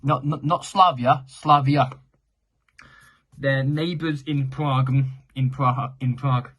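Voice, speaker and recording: A man's voice: mid-range voice, fairly even intonation, moderate pace. Rambling man giving casual football predictions. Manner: rambling, self-correcting, repeats himself. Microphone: mic for home recording.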